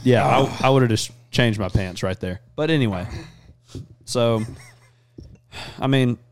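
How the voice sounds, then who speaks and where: A man hosting a podcast, chatting casually and crudely, rambling fast between jokes. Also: mid-range voice, clear, resonant tone, dry recording. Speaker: podcast host. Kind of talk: casual chat.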